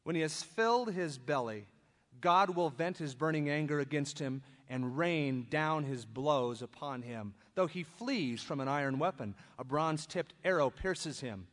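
A male pastor with a somewhat high voice preaches through a passage, swinging between solemn scripture reading and quick, chatty commentary. His voice carries a long, echoing reverb, as in a large church sanctuary. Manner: reads scripture, then breaks into lively conversational asides. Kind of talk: expository sermon.

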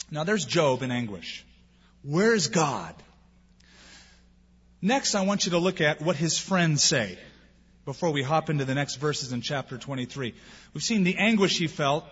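Pastor preaching in a reverberant hall. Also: male voice, on the high side, fairly bright tone, husky. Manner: preaching with acted-out quotes and rhetorical questions. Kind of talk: sermon. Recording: dull sound with long hall reverb.

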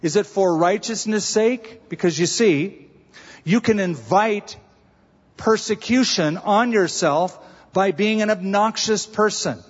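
Male pastor preaching with husky tone. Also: sits high, slow. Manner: conversational preaching with humor and emphatic stresses. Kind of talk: sermon. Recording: dull reverberant sanctuary recording.

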